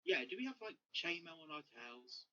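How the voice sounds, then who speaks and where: A man's voice: fairly high pitch, sing-song, brisk, bright, forceful tone. A man playing a tabletop game, curious and full of rules questions. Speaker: player. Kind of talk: casual tabletop play. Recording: dull lo-fi recording.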